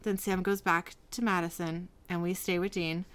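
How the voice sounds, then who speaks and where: Woman, podcast co-host, bright and tense tone, chatty episode recap, quotes dialogue plainly. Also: fairly low pitch, little pitch movement, normal speed, clear, resonant tone. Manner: chatty, retells scenes quoting dialogue plainly. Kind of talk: casual chat and episode recap.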